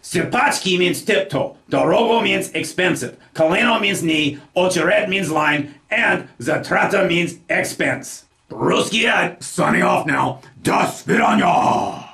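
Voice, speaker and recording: A man narrating a scripted language lesson, reading example sentences slowly and with care. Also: high-pitched, lively intonation, vocal fry, sharp tone, echoey room. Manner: slow deliberate enunciation of example sentences. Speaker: language teacher.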